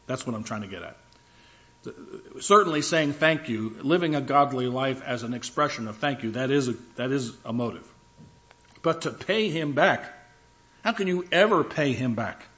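A man preaching a sermon, earnest and emphatic, reading scripture slowly and repeating phrases for stress. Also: mid-range voice, lively intonation, a bit bright. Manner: reads scripture slowly and deliberately. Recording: dull lo-fi sound.

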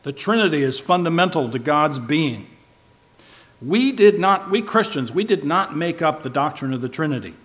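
A man's voice: on the high side, expressive, normal speed. A man preaching a sermon with emphatic stress, now and then asking the listeners questions. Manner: emphatic, shifting loud and soft for stress; asks the listeners rhetorical questions.

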